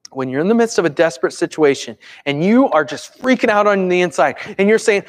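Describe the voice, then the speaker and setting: A man preaching a conversational sermon, swinging between urgent bursts and hushed, calm stretches. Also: high voice, brisk, few pauses. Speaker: pastor.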